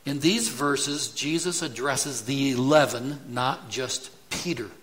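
A male pastor delivers a measured expository sermon, taking his time over each point. His voice is bright and forceful, and he briefly acts out quoted lines as he teaches. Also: medium pitch.

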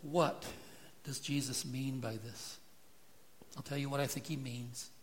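Slow-speaking earnest male preacher. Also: medium pitch, steady tone, slight background noise. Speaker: pastor. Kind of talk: expository sermon.

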